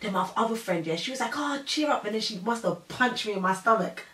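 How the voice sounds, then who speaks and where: A young woman telling a personal story in casual chat, animated and full of fillers, acting out what people said. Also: medium pitch, fast. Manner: animated, chatty, full of fillers and acted-out quotes. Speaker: storyteller guest. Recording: roomy sound from a distant mic.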